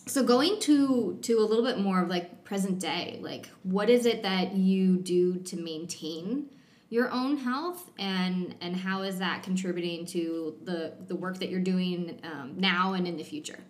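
Female host, lower voice, reflective and affirming; roomy echo. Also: unhurried. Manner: affirming, thoughtful, searching for words. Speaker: podcast host, interviewer. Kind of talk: reflective interview talk.

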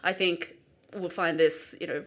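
A woman's voice: lowish voice, fairly even intonation, a little slow, fairly bright tone. A woman hosting a podcast in casual chat, bubbly and giggly with lots of fillers. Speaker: podcast host.

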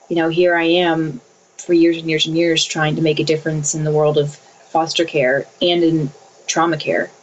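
A woman in her thirties with a low voice, recorded with dull audio, answers interview questions as a guest. She speaks earnestly about faith and family, repeating phrases as she goes.

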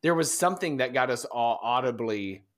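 A man co-hosting a podcast, telling a story in casual chat, rambling and halting with many fillers and restarts. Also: medium pitch, animated, dry recording. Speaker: podcast co-host.

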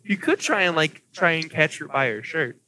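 A man's voice: on the high side, animated, normal speed, pushed and bright, slight background noise, poor audio. Hesitant young man running a tabletop game. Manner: nervous, hesitant, many fillers. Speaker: game master.

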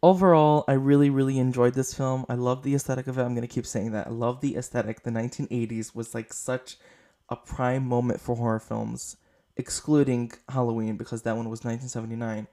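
Sleep-deprived and up late, this podcast host rambles through a casual film review, gushing and filling gaps with filler words. He talks a little fast in a mellow, mid-range voice with little pitch movement.

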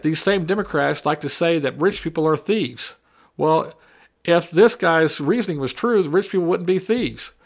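A man delivering a combative opinion monologue, repeating and mocking his opponents' arguments. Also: a little high. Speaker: political commentator.

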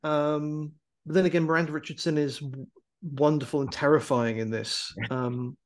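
Casting: podcast co-host in his forties, slightly higher male voice, rambling, stop-start delivery. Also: steady tone, moderate pace. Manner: rambling, hesitant, full of restarts. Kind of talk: casual chat.

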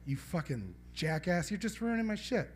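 High, lively-voiced stand-up comedian. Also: male voice, moderate pace. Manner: rambling, profane, bantering with the audience. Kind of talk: live stand-up set with crowd banter. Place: small live comedy venue.

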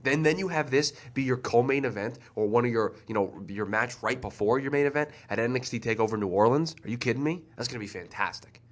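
Brief: male co-host, rapid-fire delivery, teasing and excitable, casual chat. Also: medium pitch. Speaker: podcast co-host.

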